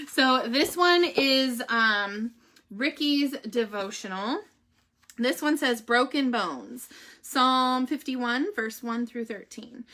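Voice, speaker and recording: A woman's voice: on the high side, animated, slow pace, bright, forceful tone. A young woman chatting casually to her viewers and reading a devotional aloud, with lots of fillers and restarts. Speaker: vlogger giving a family update.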